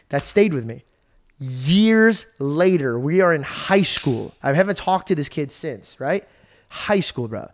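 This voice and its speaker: Animated young man telling a story. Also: a little high, measured pace. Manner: animated, swearing, says "bro" often. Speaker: podcast host. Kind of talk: casual podcast storytelling.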